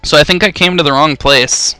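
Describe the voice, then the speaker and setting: A man's voice: fairly high pitch, brisk, pushed and bright, no echo, faint music behind. A young man giving casual, rambling let's-play commentary, swearing freely and poking fun at himself. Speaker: gaming YouTuber.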